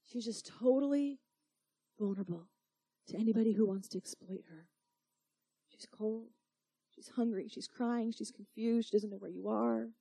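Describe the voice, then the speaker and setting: A woman voicing God as a loving father who asks her calm, searching questions. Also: fairly high pitch, normal speed, gravelly, pauses often, slightly rough, no echo. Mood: probing.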